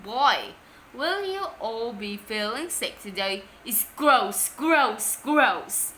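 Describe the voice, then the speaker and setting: Lady doing manic game show guy, loud and hyped. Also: on the high side, expressive, slow pace, slight background noise, heavily acted.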